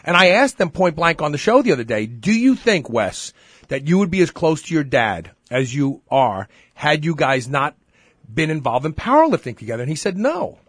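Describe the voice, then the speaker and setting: Male podcast host, lively pitch, slightly husky, dry close sound, opinionated casual talk. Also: normal speed, no room sound. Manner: animated, opinionated, repeats words when starting. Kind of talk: casual chat.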